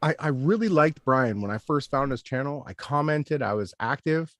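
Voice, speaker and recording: Ranting man with a lively pitch. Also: normal speed, dry recording, clean studio sound. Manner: indignant, ranting, emphatic repetition. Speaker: channel host. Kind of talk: heated commentary on a played clip.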